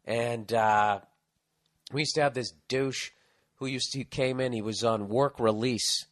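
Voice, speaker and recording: This middle-aged podcast host, medium-pitched and steady, takes an unhurried pace as he reads a listener's advice letter. The clean studio recording has no room sound and captures casual chat full of profane ranting and storytelling.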